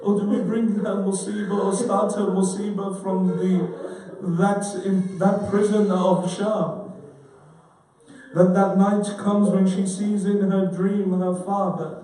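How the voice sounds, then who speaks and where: High-voiced man chanting a mournful sermon. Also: little pitch movement, slow pace, dark tone, a little hiss or hum. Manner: chanted lamenting delivery with Arabic verses. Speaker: religious speaker. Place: large prayer hall. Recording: echoey hall from far off.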